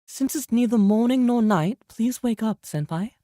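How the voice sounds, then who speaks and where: A man's voice: extremely high pitch, moderate pace, dark tone, dry recording, clean studio sound, pitched above the performer's own voice. A man putting on a shy, earnest young woman's voice with a put-on British accent while reading game dialogue aloud. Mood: earnest, polite. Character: shy polite young woman, a kind junior.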